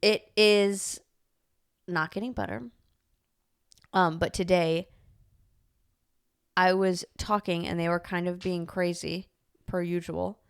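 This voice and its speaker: A young woman co-hosting a podcast, telling a story in animated casual chat, full of "like" and laughter. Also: fairly low pitch, slow pace, gravelly, long pauses, clean tone. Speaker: podcast co-host.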